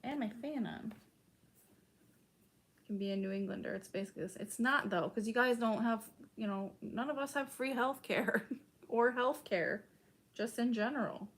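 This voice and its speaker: A woman's voice: fairly high pitch, moderate pace, husky. A young woman from Chicago chatting casually with her stream's chat, full of "like" and casual swearing. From Chicago, United States.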